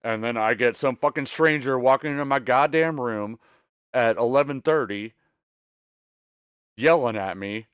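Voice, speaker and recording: A man's voice: mid-range voice, unhurried, pauses often, a bit bright, clear, resonant tone, dry recording. A man chatting casually as a stream host, rambling and swearing with many stammered restarts. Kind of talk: casual chat.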